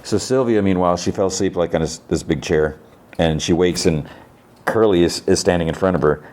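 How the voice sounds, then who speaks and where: A podcast host with a low voice walks through a TV episode in an easy, casual way. He rambles, fills gaps with "like" and often restarts his sentences. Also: fairly quick, darkish tone.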